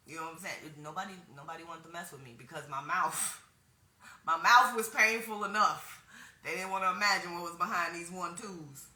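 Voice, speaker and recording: Presenter: woman in her forties, casual, frank storyteller, bright lowish voice, echoey room. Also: a little fast. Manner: frank, chatty storytelling with slang. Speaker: wellness workshop presenter. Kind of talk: casual spoken workshop talk.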